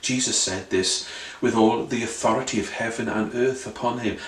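A man's voice: medium pitch, steady tone, normal speed, a bit bright, distant mic. Earnest male preacher, roomy sound. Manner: earnest, questioning, repetitive rhetorical preaching. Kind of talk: sermon.

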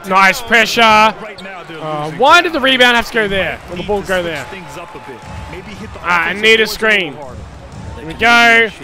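Excitable high-voiced gamer. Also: male voice, slow, long pauses. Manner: excitable, cheering on plays. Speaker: gaming YouTuber. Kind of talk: live gameplay commentary.

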